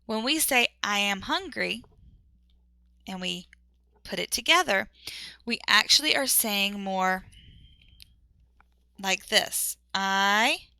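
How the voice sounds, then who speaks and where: A woman who teaches English online, chatting casually and sometimes slowing down to demonstrate words. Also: medium pitch, animated, creaky, pushed and bright, smooth, dry recording. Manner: chatty, self-interrupting, demonstrates words slowly.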